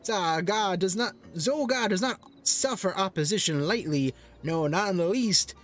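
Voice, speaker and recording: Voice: mid-range voice, a little slow, faint music behind, close to an everyday voice. A gamer voicing a small, fretful kobold elder in a let's play, stacking up anxious words in threes. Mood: fearful wailing. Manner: repeats words in anxious triplets.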